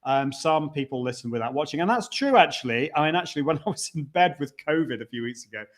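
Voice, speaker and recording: Chatty male live-stream host, higher voice. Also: animated, quick pace. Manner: chatty, with frequent restarts and asides, reading out viewer comments. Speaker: live video show host. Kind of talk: casual live-stream chat. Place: conference venue during a live broadcast.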